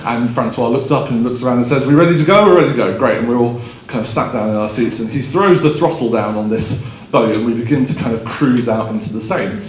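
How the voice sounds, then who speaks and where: A man's voice: mid-range voice, a little fast. A man in his thirties gives a chatty, self-deprecating conference keynote, telling a story with frequent ums and laughing at himself. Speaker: keynote speaker. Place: conference hall stage. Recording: roomy hall, faint background ambience.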